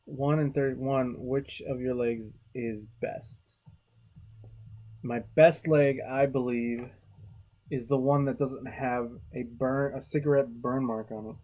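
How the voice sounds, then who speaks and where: This is a relaxed artist chatting casually while drawing. The voice is dark and mellow, and sits in the middle of the pitch range. They ramble along, swear freely, and restart their sentences. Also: slow pace. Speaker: artist hosting a drawing video.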